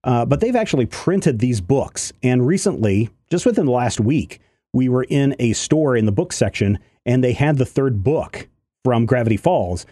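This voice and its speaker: Mellow-voiced dad chatting casually. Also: male voice, mid-range voice, expressive, normal speed, husky, no echo, clean studio sound. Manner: warm, easygoing dad telling an anecdote. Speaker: podcast co-host. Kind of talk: casual chat.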